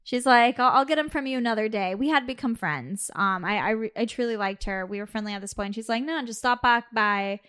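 A woman's voice: on the high side, brisk, hardly any pauses, clean tone. A woman co-hosting a podcast, telling a personal story in casual chat and acting out the quoted dialogue. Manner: animated, acts out quoted dialogue, laughs often. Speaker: podcast co-host.

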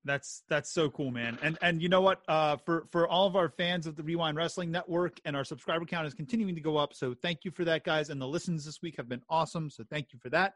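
A man co-hosts a casual wrestling podcast. He sounds dry and close to the mic with a slightly raised pitch, and he laughs easily while plugging the network. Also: fast, few pauses, a bit bright, dry recording.

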